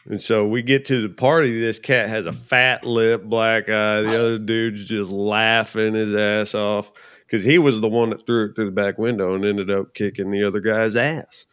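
A man's voice: on the low side, level tone, moderate pace, a bit bright, clear, resonant tone, no room sound, clean studio sound. A man hosting a podcast, telling a story in a laid-back, easygoing way. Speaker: podcast host. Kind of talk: casual chat.

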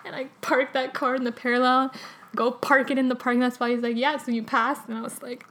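A young woman telling a story in casual chat, animated and full of "like" and laughter. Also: high-pitched, brisk.

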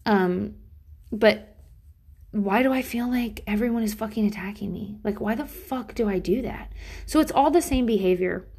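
A woman in a middle pitch range chatting on her own to her viewers. She rambles and swears casually while poking fun at herself, speaking from a bathroom at home. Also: moderate pace, slightly rough. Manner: profane, rambling, animated, self-mocking. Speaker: mother talking to her audience. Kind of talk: casual solo monologue.

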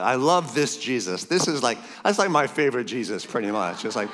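A man's voice: medium pitch, lively intonation, brisk, hardly any pauses, a bit bright. A man preaching a sermon to a conference crowd, emphatic and jokey, calling out for amens. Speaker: pastor speaking at a leaders' conference. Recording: long reverb of a large hall.

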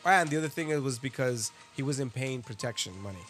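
A man's voice: medium pitch, lively intonation, fairly quick, fairly bright tone, faint music behind. A man hosting a casual podcast, telling a story full of swearing and asides. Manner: profane storytelling, lots of swearing and laughing. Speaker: podcast host.

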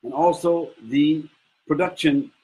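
A middle-aged male preacher delivers a lecture sermon in a slightly raised, husky voice. He argues point by point with emphatic, rhetorical energy and sometimes mimics the people who criticize him. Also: fairly high pitch, slow, dark tone, rough recording. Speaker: Islamic preacher.

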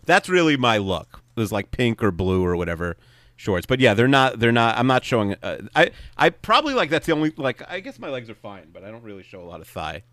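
A man's voice: medium pitch, big pitch swings, fairly quick, fairly bright tone, no echo. A middle-aged man co-hosting a podcast, rambling and self-deprecating in casual chat. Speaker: podcast co-host.

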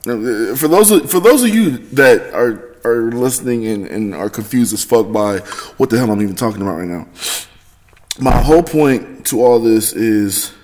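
Rambling, foul-mouthed man on a podcast. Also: normal speed. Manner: rambling, heavy swearing, self-correcting; swings between loud excited and low mutters. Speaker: podcast host. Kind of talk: casual solo monologue.

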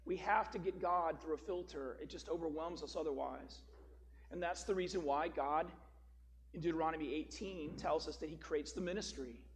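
A man's voice: fairly high pitch, slight background noise. A man preaching a sermon as a pastor, telling a story and then explaining scripture with emphatic, rising stress on key words.

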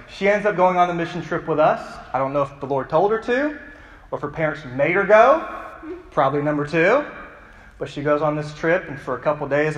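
A man's voice: a little high, reverberant, long reverb tail, low-quality recording. A man preaching a youth sermon as the youth pastor, telling stories in a conversational way and asking the audience questions. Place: church hall.

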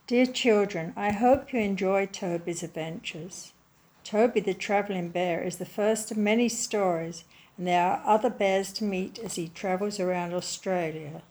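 A woman reading a children's story aloud in a slow, gentle, clearly enunciated way. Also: mid-range voice.

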